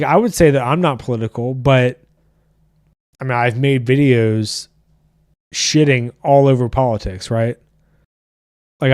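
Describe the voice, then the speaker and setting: Man, podcast host, mid-pitched, blunt and profane, casual chat, dry close sound. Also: a little mellow, clear, resonant tone, dry recording.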